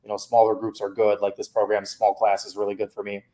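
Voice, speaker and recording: A man's voice: on the low side, completely flat delivery, fast, warm tone. A man coaching a student through feedback on her mock interview, candid and casual.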